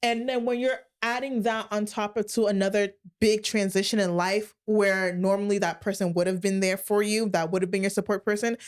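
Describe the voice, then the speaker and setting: A woman in her late twenties, co-hosting a podcast and telling her own story in candid casual chat, with big expressive swings in her voice. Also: medium pitch, a little fast, hardly any pauses, clear, resonant tone. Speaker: podcast co-host.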